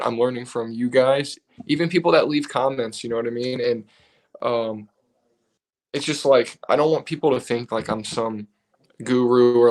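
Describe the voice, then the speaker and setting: Tired man co-hosting a live stream; loose, rambling trainer talk. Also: medium pitch. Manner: relaxed, rambling, reads comments aloud. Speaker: co-host, personal trainer. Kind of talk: casual live-stream chat.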